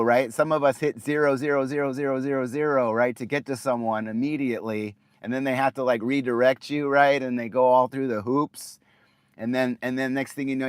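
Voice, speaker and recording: Rambling man with a smooth voice. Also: medium pitch, dry recording, clean studio sound. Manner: rambling, repeats words, says "right?" often. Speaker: vlogger. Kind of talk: casual ranting monologue.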